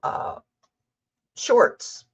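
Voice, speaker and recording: A tarot reader does a live reading, her words drawn out as she chats casually and thinks aloud, correcting herself along the way. The recording sounds muffled.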